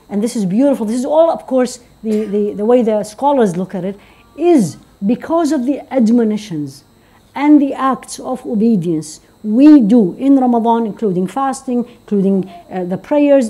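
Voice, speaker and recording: Woman, religious teacher; warm, breathy tone, earnest, quizzes the room. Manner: earnest, questioning the audience, rising to emphatic high points. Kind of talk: religious talk to women. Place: community centre hall.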